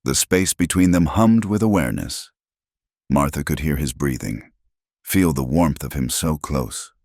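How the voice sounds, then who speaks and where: A man narrating a scripted story in a slow, measured, hushed way. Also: rumbling low, dry recording, clean studio sound.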